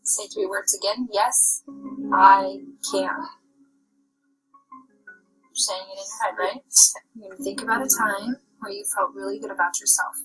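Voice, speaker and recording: A woman guiding a child through breathing and affirmations in a soft, gentle voice that often drops to a half-whisper. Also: mid-range voice, fairly even intonation, moderate pace, pauses often, soft background music, rough recording. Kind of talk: guided relaxation and spoken affirmations.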